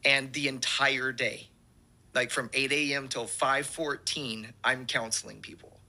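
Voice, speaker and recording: A man, a pastor telling an animated testimony story and acting out the quotes. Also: mid-range voice, a little slow.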